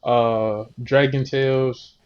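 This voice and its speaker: A man's voice: medium pitch, level tone, takes it slowly, smooth. Easygoing young man, dull lo-fi sound. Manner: easygoing, laughs often, reminiscing. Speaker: podcast co-host. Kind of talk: casual chat.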